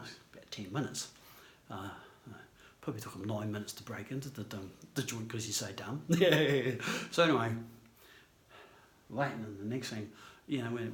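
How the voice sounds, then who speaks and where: An older man from New Zealand with a New Zealand accent, telling stories in a relaxed, casual way and laughing often. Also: medium pitch, reverberant. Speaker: storyteller. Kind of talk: casual storytelling.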